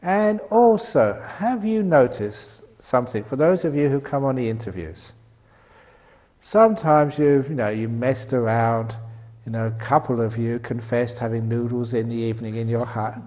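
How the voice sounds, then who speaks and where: A man's voice: medium pitch, normal speed, a little mellow, in a large hall. An older man giving a humorous dharma talk at a meditation retreat, joking and laughing often at his own lines. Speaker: meditation teacher.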